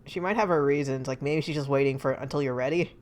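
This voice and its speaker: A woman streamer giving casual let's-play commentary, animated and reacting aloud with easy laughs. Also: a bass voice, fast.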